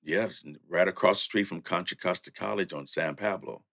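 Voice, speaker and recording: Older male producer, low voice, easygoing storyteller with frequent laughs. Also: a little fast, gravelly, fairly bright tone. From Louisiana and San Francisco. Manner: laid-back, laughs often, says "you know". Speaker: music producer and studio owner. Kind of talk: storytelling in casual conversation.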